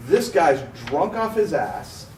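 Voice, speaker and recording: A man from Pennsylvania, co-hosting a car podcast, telling a story in a casual, animated way and acting out the voices he quotes. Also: fairly high pitch, slow pace. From Pennsylvania, USA. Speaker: podcast co-host. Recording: roomy, distant mic with faint noise.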